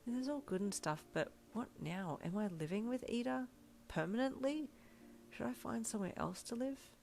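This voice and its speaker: A woman voicing a casual, slang-using young woman who talks in a relaxed, offhand way. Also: a little high, moderate pace, vocal fry, faint music behind, pitched above the performer's own voice. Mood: wistful.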